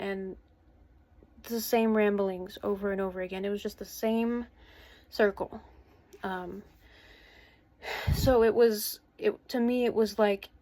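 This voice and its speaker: A woman in her twenties speaks to camera from her bedroom at home, telling a personal story. Her voice sits at an ordinary mid pitch. She talks in an earnest, halting way, pausing and starting sentences over as she goes. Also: darkish tone. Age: 20s. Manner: hesitant and earnest, with many pauses and restarts. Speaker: vlogger.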